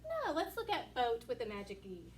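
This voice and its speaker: A woman teacher giving a recorded lesson to young children, patient and encouraging, asking questions and pausing for answers. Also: a little high, huge pitch swings. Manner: slow, patient, encouraging, asks questions and pauses. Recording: distant mic, faint room noise.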